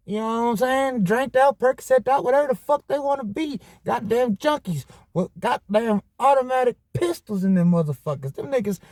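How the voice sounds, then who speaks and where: High-voiced, profane storytelling man. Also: dry recording, clean studio sound. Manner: profane, animated street slang. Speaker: podcast host. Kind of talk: casual storytelling monologue.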